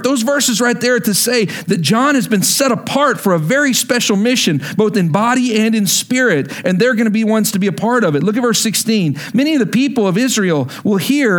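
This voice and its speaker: A high-pitched male pastor delivers a sermon. His tone is conversational and leans on emphatic points as he addresses the congregation.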